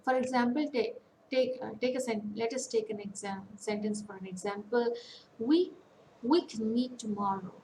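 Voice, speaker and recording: A woman giving an online lecture, slowly listing example words one by one with pauses. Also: fairly high pitch, mellow, reverberant, a little hiss or hum, low-quality recording. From India. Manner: slow, deliberate, lists words one by one with pauses. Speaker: academic counsellor. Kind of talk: online lecture on English phonetics.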